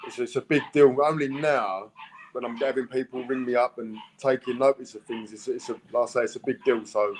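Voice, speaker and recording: A man, a boxer talking plainly in a casual interview, blunt and halting, with restarts. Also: medium pitch, fairly even intonation, slight background noise, poor audio. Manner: plain-spoken, few words, halting restarts.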